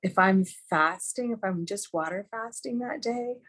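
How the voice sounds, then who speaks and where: A woman's voice: medium pitch, a little slow, a bit bright. A middle-aged woman giving a candid, chatty teaching talk on a video call, earnest and full of fillers. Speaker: webinar speaker.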